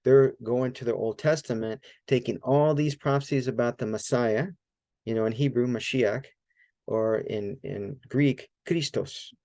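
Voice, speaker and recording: A man teaching Greek grammar in a relaxed, informal way, explaining step by step and often checking with "right?". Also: medium pitch, measured pace, creaky, no echo. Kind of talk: casual teaching.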